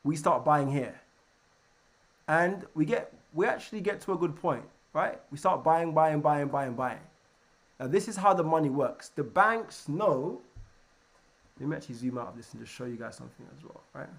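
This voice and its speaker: Man, somewhat high pitch, live trading lesson, energetic, checks in with listeners. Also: normal speed, vocal fry. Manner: energetic, keeps checking in with "right?"; repeats and restarts words. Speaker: trading coach.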